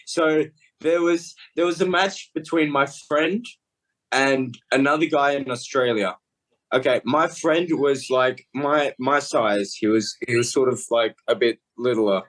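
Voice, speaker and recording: A man sits in for a relaxed podcast conversation as a guest wrestler. His voice is mid-pitched, and he tells stories in loose bursts, often trailing off and starting over. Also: measured pace, rough recording. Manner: storyteller who trails off and restarts. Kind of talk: casual podcast chat.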